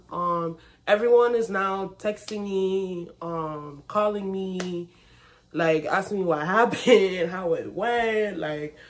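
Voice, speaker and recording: A young woman chatting casually to her viewers in a vlog, talking to them directly and breaking into excited bursts. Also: fairly low pitch. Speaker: vlogger.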